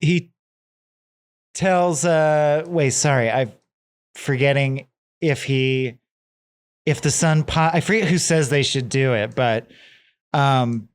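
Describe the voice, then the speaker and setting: A man's voice: medium pitch, slow pace, pauses often, clean tone, no room sound. Guy cohosting a film podcast, acts out all the lines, dry close mic. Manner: animated, acts out characters' lines while recapping. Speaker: podcast co-host. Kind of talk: casual film discussion.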